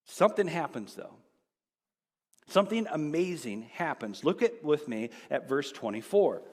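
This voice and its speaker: A male pastor preaching a sermon, telling a story with animation, swinging between excited shouts and quiet asides. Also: high-pitched, big-room sound.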